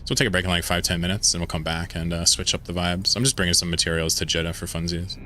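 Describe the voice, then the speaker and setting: Low-voiced jokey streamer, mid-Atlantic accent. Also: male voice, level tone, fast talker, pushed and bright, a little hiss or hum. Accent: mid-Atlantic American. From Pennsylvania, United States. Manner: rambling, jokey, reads chat aloud. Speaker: game streamer. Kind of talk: casual live-stream chat while gaming.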